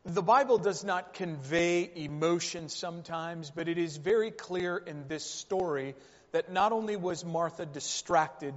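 A man preaches slowly and deliberately, repeating key phrases and posing rhetorical questions. His voice sits high. The recording is dull and lo-fi, with a long reverb. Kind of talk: sermon. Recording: reverberant hall, dull lo-fi sound.

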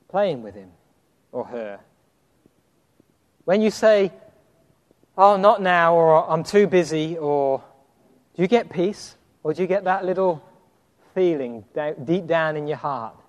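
High-voiced English preacher in a reverberant hall. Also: male voice, a little mellow. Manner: storytelling, chuckles often, acts out dialogue. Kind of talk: sermon with personal stories.

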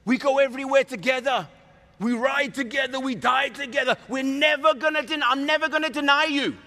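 Loud insistent loyal disciple, as a preacher puts him on, high-pitched, bright, echoing hall. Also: male voice, a little fast, exaggerated voice. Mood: boastful. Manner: emphatic, insistent protests. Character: eager boastful male disciple, loudly loyal.

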